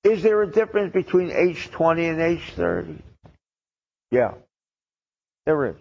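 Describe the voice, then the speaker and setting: A man delivering a rabbi's sermon, slow and deliberate. His voice has a gravelly, fry-edged texture, and his tone turns wry and sarcastic as he poses rhetorical questions. The sound is dull and lo-fi, like an old recording. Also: on the high side, lively intonation. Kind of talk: sermon on the weekly Torah portion.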